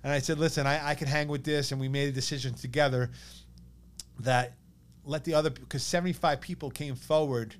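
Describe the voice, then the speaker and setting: A man in his thirties with a New York accent, telling a personal story as a podcast guest in an animated way, acting out what others said. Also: medium pitch, fairly quick. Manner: animated, quotes others in lively bursts.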